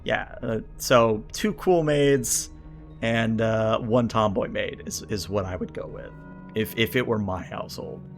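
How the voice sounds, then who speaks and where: A man streaming from a home desk mic, talking his way through a rulebook in a casual, rambling way. He reads list entries aloud and adds quick comments, with plenty of filler words and restarts. Soft music plays in the background. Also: lowish voice. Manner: thinks aloud, reads list entries then riffs on them; chatty, answers chat, frequent filler words and restarts. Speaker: streamer reviewing a tabletop RPG book.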